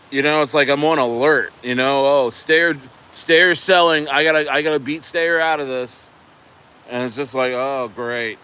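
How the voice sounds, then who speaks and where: A man's voice: fairly high pitch, sharp tone. A man chatting casually on a live stream about crypto, rambling, restarting his words and swearing often.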